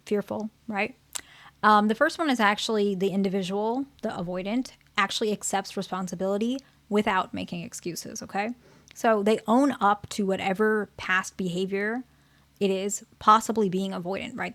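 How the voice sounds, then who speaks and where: A woman therapist giving an educational talk to camera, conversational and often checking in with the listener. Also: medium pitch. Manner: conversational, keeps checking in with "right?" and "okay?".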